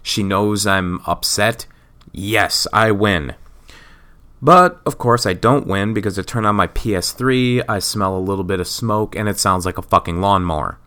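A man's voice: on the low side, brisk, few pauses, bright, forceful tone. A man hosting his own podcast, ranting sarcastically and profanely in a rambling casual monologue. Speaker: podcast host. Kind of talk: casual solo rant.

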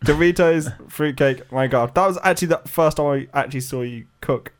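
A man's voice: fairly high pitch, fairly quick. A young man from Britain, co-hosting a podcast in a laid-back, laughing way. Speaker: podcast co-host. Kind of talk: casual chat.

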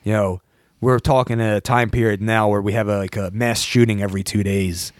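A man's voice: fairly low pitch, fairly even intonation, a little fast, no room sound, clean studio sound. A man hosting a casual film chat, talking in a rambling, enthusiastic way with many restarts. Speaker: podcast host.

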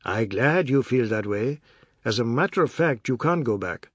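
A man's voice: mid-range voice, animated, moderate pace, husky, no room sound, studio quality. A man doing a blunt elder.

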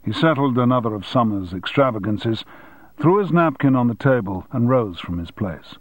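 A medium-pitched man delivers scripted audiobook narration in a steady, measured storytelling manner, captured in a dry recording.

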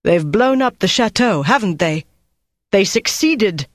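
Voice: mid-range voice, lively intonation, normal speed, creaky, no echo. A captured french resistance man, put on by the narrator, voice jumping way up when he gets worked up, dry close sound, audiobook scene. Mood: elated. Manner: swings from defiant to pleading. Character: desperate male French resistance prisoner.

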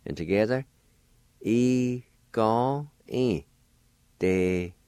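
A man hosts a radio language lesson, sounding out words slowly and carefully, syllable by syllable, while encouraging listeners. He is both radio host and language teacher. His voice is on the low side and mellow, with a clean tone in a dry recording.

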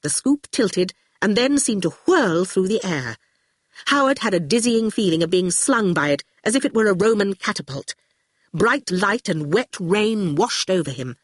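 An audiobook narrator reading scripted narration expressively and dropping low for speech tags. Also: animated, moderate pace, no echo, clean studio sound.

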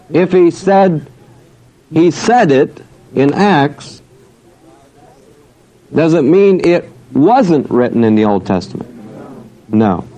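Slow, mellow-voiced man teaching scripture. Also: on the high side, poor audio. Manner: slow, deliberate, questioning and answering himself; reads scripture aloud in drawn-out cadence. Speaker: Bible teacher. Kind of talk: Bible study lecture.

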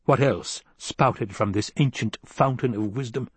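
A man voicing a shrewd, gruff older male adviser with a dry, wry questioning manner. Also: medium pitch, unhurried, no echo.

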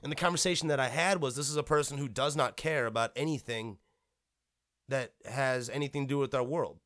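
A man's voice: mid-range voice, a little fast, a bit bright. A young man ranting bluntly and profanely in a podcast monologue, rambling and restarting his sentences.

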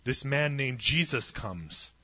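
A man's voice: medium pitch, lively intonation, slow, sharp tone, husky, dull audio. A man preaching a sermon, retelling a story with humorous asides and acting out the voices in it. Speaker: pastor.

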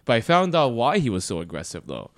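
A man's voice: mid-range voice, wildly swooping pitch, quick pace, no echo. A young man co-hosting a podcast, telling crude, rambling work stories with lots of swearing. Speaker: podcast co-host. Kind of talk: casual chat.

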